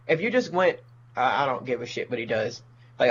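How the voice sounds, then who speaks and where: A man's voice: medium pitch, animated, fairly quick, fairly bright tone, muffled recording, a little hiss or hum. A man, a comedian, ranting profanely in casual podcast talk and mocking people in put-on voices. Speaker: comedian guest.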